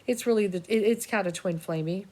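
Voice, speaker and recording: A woman with a Boston accent giving an emotional, rambling spiritual talk, halting often and swearing freely. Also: medium pitch, mellow. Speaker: spiritual reader.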